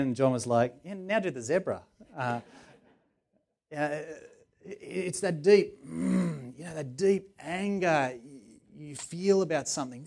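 A middle-aged man preaching a sermon in a fairly high voice. He talks earnestly and conversationally, then pushes key words out loudly for emphasis. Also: vocal fry. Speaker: pastor.

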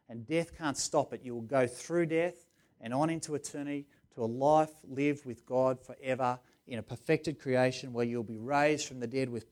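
A middle-aged man preaching a sermon in an earnest, conversational way, with sudden loud emphasis on key words. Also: medium pitch. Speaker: pastor.

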